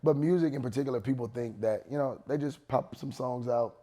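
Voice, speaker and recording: A man with a raspy voice, a worship leader and pastor, talking in a casual podcast chat with emphatic, slangy asides. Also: mid-range voice, a little fast, warm tone.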